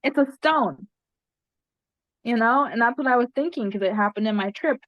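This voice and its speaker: In a dry, slightly muffled recording with no echo, a woman guest in an interview earnestly recounts a spiritual experience, repeating phrases for emphasis. Her voice is on the high side and moves at a moderate pace.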